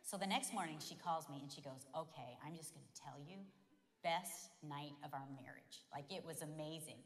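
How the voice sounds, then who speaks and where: A woman's voice: low voice, moderate pace. A woman sharing candid, playful stories from the church stage beside her husband. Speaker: pastor's wife and co-speaker. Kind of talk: sermon with personal stories. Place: church auditorium. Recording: long hall reverb in church.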